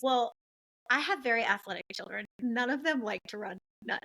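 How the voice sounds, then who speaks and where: A middle-aged woman from the western United States hosting a podcast, telling stories in a lively, candid and blunt way. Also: fairly high pitch, normal speed, creaky, poor audio. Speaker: podcast host. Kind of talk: casual chat.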